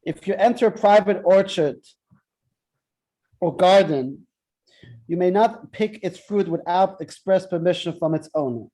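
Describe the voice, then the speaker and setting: High, mellow male teacher, chatty and joking, always checking "right?". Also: measured pace, pauses often. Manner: chatty, keeps asking "right?", tells jokes. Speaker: Torah class teacher. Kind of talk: interactive classroom lesson.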